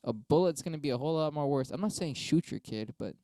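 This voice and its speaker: A man's voice: on the high side, expressive, fast, mellow, no echo. A young man talking casually on a stream, arguing both sides of debate prompts with himself in a rambling, profane way. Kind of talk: casual solo monologue.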